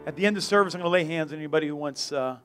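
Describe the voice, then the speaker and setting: Brief: energetic pastor, loose and playful delivery, slightly high voice. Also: male voice, rapid-fire, soft background music. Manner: casual, joking, energetic preacher. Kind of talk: sermon. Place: church sanctuary.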